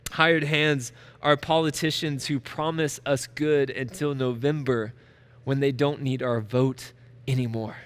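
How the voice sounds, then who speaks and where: A man's voice: medium pitch, steady tone, a little slow. A man preaching a sermon as a pastor, emphatic and repeating key phrases for weight.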